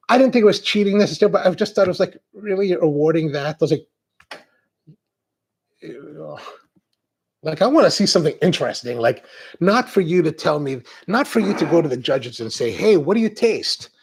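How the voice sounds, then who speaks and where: Man, coffee show host, gravelly husky voice, lively up-and-down delivery, chatty storyteller. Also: on the high side, fast talker. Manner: animated storytelling, acts out quoted exchanges. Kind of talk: live-stream chat with viewers.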